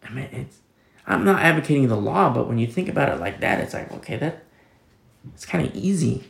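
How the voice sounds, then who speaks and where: A man's voice: mid-range voice, animated, a little fast, creaky, echoey room. A man preaching a sermon in a casual, conversational way, reading scripture and explaining it with everyday fillers. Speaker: pastor.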